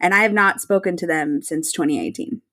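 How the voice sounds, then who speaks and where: A woman co-hosting a podcast, recapping a TV episode in casual chat, animated and laughing often. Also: lowish voice, fairly quick. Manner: animated, laughs often, reads out her notes. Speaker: podcast co-host.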